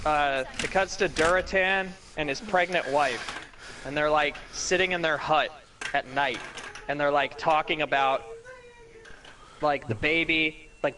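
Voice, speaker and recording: A young man co-hosting a podcast, talking in excited, profane run-on bursts full of "like" and restarts. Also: fairly high pitch, measured pace, noisy background. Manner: animated, profane, talks in run-on bursts with lots of "like". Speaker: podcast co-host. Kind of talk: casual chat.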